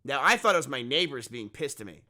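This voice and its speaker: A man's voice: medium pitch, fast. A young man streaming, telling a story in casual chat, swearing freely and acting out what people said. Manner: animated, swears freely, acts out quotes.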